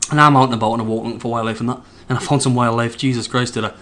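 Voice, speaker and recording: A man's voice: medium pitch, fairly even intonation, racing, fairly bright tone. A man, a podcast co-host telling a rambling story with frequent restarts. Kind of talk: casual anecdote telling.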